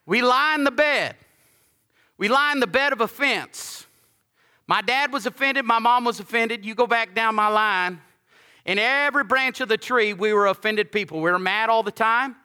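A male pastor with a high, bright, forceful voice preaches in a lively, joking, conversational way. He drives points home by repeating lines, and his voice rings with the long reverb of a large church hall. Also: normal speed, clean tone. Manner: repeats key lines for emphasis. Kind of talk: sermon.

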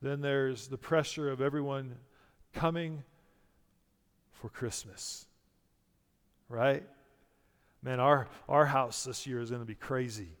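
A man's voice: medium pitch, steady tone, slow pace, pauses often, long reverb tail. A man preaching a sermon to a congregation, emphatic and full of rhetorical questions. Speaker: pastor.

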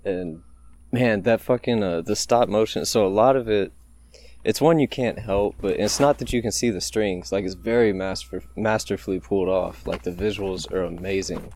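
Man, low voice, casual podcast co-host, swears, trails off mid-thought. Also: moderate pace, a little mellow. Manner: laid-back, swears freely, trails off.

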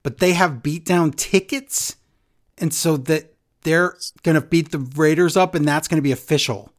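A podcast co-host recapping a wrestling show in casual chat, sarcastic and animated as they tell the story. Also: medium pitch, normal speed.

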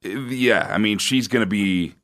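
A man co-hosting a casual wrestling chat show, talking in a thoughtful, measured and self-deprecating way. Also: fairly low pitch, fairly bright tone. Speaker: co-host.

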